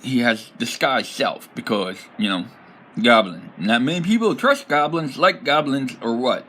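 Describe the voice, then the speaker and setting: A man casually explaining his tabletop role-playing character, rambling and animated and laughing often. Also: medium pitch, a little slow, poor audio.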